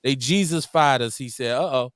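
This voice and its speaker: A man's voice: medium pitch, normal speed, background noise. A man with a Milwaukee accent hosting a call-in radio show, bantering and joking with laughs. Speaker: radio host. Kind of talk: casual chat.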